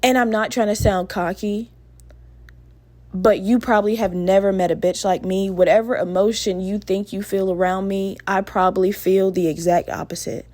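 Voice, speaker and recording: A young woman talks straight to her listeners as a podcast host, spinning a personal story in a loose, unfiltered way. She swears freely and keeps the telling candid and animated. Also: medium pitch. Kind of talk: casual storytelling monologue.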